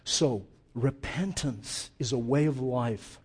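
A middle-aged man preaching a sermon as pastor, impassioned, swinging between loud urging and hushed intensity. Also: medium pitch, takes it slowly, slightly rough.

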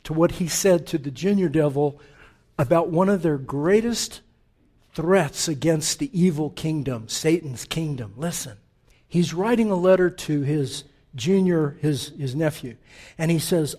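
A high-voiced man delivers a sermon to his congregation. He preaches with passion, climbing to urgent peaks and sinking into hushed, quiet stretches. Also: normal speed. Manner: impassioned, swinging from loud urgent peaks to hushed low passages. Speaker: pastor.

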